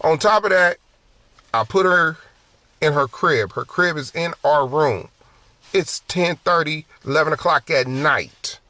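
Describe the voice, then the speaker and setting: A man with a slightly high voice ministers through his personal testimony at a measured pace, with no room sound. He tells it in an animated, conversational way, often repeating phrases.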